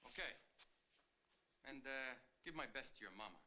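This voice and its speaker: A man's voice: mid-range voice, animated, moderate pace, pushed and bright, slight background noise. An actor playing a paranoid, foul-mouthed mafia boss in a wobbly fake Italian-American accent, crude and threatening as he barks orders. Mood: menacing. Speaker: film character in a movie clip.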